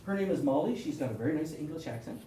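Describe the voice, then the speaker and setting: Rapid-fire and animated, a man with a Canadian accent rambles through an astronomy club talk, with joking asides and many restarts. His warm voice sits a little high. Recorded from a distance in a reverberant meeting room, the audio carries a faint hiss.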